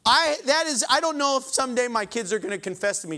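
A male preacher giving a sermon, animated and joking, with sudden emphatic exclamations. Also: extremely high pitch, quick pace, few pauses.

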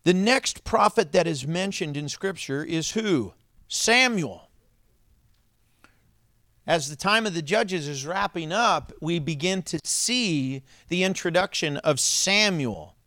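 A male pastor delivering a sermon, telling stories with laughter and dropping to a hush for emphasis. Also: fairly high pitch, slow, no echo, clean studio sound. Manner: animated storytelling with laughs and sudden drops to a hush.

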